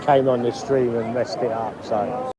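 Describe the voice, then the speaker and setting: A man's voice: mid-range voice, fairly even intonation, measured pace. Chatty man streaming on a street. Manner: chatty, friendly with strangers. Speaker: live streamer. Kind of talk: casual street live stream. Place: city street outdoors with traffic. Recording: street noise and traffic.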